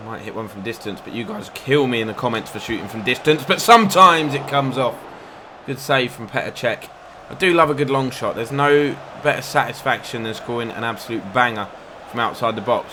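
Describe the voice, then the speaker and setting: A young man commentating on his football video game match, excitable and bursting into loud outcries at near misses and fouls. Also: medium pitch, noisy background. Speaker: gaming YouTuber.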